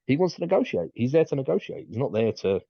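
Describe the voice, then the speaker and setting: A man co-hosts a casual podcast chat, rambling and repeating his words as he talks things through, slipping quotes into put-on asides. His mid-range voice is sing-song and fast. The recording is dry and muffled.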